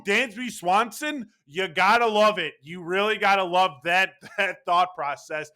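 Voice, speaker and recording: A baseball fan rants angrily and sarcastically about his team's loss, cursing throughout. His voice sits high and sounds pushed and bright, moving at a measured pace with few pauses.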